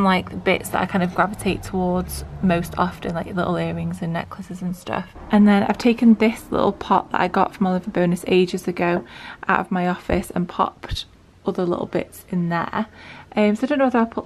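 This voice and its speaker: A woman's voice: medium pitch, darkish tone, a little hiss or hum. A young woman chatting casually in a home vlog, rambling with lots of fillers, at times out of breath. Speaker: vlogger. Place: home, indoors.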